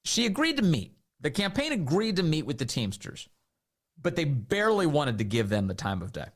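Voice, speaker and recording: A man hosting a talk radio show, giving animated, indignant commentary and acting out mocking quotes. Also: fairly high pitch, moderate pace.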